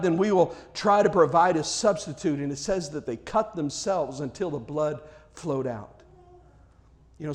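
A middle-aged man preaching an impassioned sermon, his voice rising toward a shout at the peaks. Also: fairly high pitch. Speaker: pastor.

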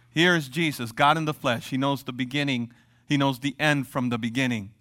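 Bright-voiced animated male preacher. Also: mid-range voice, a little fast. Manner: animated preacher, acts out quoted voices with humor. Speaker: pastor. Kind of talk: sermon.

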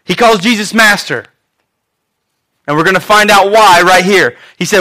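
A male pastor preaching a sermon in an animated, conversational storytelling manner. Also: high voice, moderate pace, pauses often.

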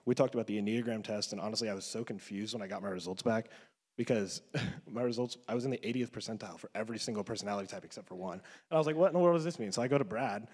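A man's voice: lowish voice, fairly even intonation, racing, slightly rough, in a large hall. A man in his twenties giving a personal faith testimony, earnest and emotional, full of casual fillers. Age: 20s. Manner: earnest, emotional, loose with fillers like "you know".

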